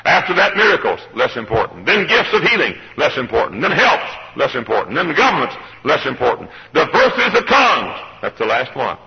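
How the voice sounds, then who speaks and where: A husky, breathy man preaches with a swooping, lively delivery. He calls on church members by name and gets the congregation to answer back. The old live recording sounds muffled and lo-fi. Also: mid-range voice, brisk, few pauses. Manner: animated preaching with congregation call-and-response. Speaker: pastor. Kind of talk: sermon. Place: church service.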